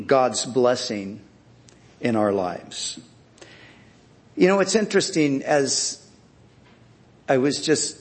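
A man preaching a sermon, speaking in a deliberate, reflective way with frequent restarts. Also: medium pitch.

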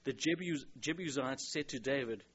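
A man's voice: medium pitch, normal speed, fairly bright tone. A man from South Africa with a South African accent, teaching a Bible passage as a pastor in a chatty, digressive way with many restarts. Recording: dull lo-fi recording.

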